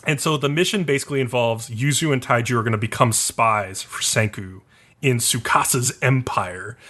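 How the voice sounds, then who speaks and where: A man's voice: medium pitch, pushed and bright. Guy rambling through an anime recap on a podcast, says like a lot. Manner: rambling, heavy on "like" fillers. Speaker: podcast co-host.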